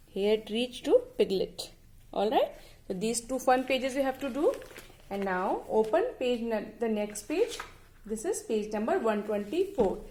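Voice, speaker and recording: A woman's voice: a little high, a little mellow. A woman teacher giving a lesson, who spells words out letter by letter and imitates the animal sounds. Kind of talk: online class lesson.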